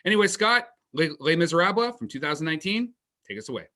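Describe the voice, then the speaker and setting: Bright-voiced man hosting a film podcast. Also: fairly high pitch, very animated, fast. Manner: loose and swearing, many fillers. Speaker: podcast co-host. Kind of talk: casual movie podcast chat.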